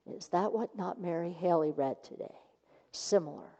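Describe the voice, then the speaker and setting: A woman's voice: on the low side, normal speed, warm tone. A woman minister giving a sermon, telling a story and acting out the voices of its people. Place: church sanctuary. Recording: dull sound with long hall reverb.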